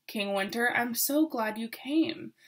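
Woman doing an eager, excited little boy. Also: fairly high pitch, takes it slowly. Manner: eager, breathless questions.

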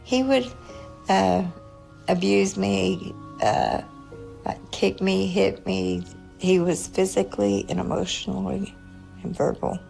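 A grieving mother in a documentary interview, speaking haltingly about her abuse and her loss. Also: medium pitch, fairly even intonation, creaky, warm tone, soft background music, rough recording. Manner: halting, grief-stricken. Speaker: bereaved mother.

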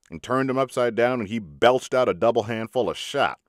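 A man reading a short story aloud in an unhurried, folksy storytelling manner. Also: mid-range voice, lively intonation, no room sound, studio quality. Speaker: audiobook reader.

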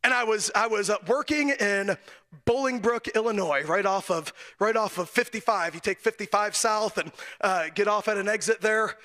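Bright, high-voiced preacher telling a story. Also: male voice, moderate pace. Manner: animated storytelling, frequent chuckles and self-corrections. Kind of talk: storytelling sermon. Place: church.

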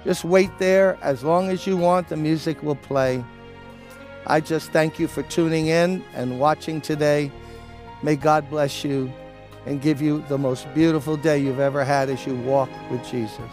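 An older man preaching a sermon as pastor, speaking earnestly and pleading directly with listeners, then leading them in a slow prayer. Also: a little high, steady tone, a little mellow, faint music behind. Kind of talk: sermon with altar-call prayer.

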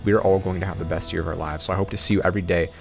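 Excitable young man narrating a game. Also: low voice, very fast, creaky. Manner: excitable, exasperated, rambling; drops to hushed, whispery mutters while sneaking. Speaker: gaming YouTuber. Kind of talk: casual let's-play commentary. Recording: game music playing underneath. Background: game music.

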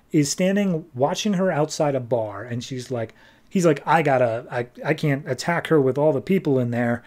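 A man hosting a podcast, casually recapping a comic book issue in an offhand, quick way and briefly acting out the characters' lines. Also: a little high, darkish tone. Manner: quick, offhand retelling, dropping into brief quoted voices. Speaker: podcast host.

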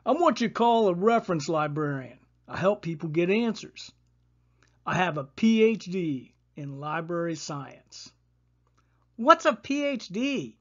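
A storyteller voicing a tall, friendly male librarian with a deep voice who explains things patiently. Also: expressive, unhurried, dull audio.

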